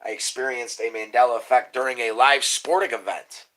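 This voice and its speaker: A man rambling on a casual livestream, swearing freely and drifting into conspiracy talk and quiet mumbled asides. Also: mid-range voice, steady tone, a little fast, poor audio. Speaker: livestream host.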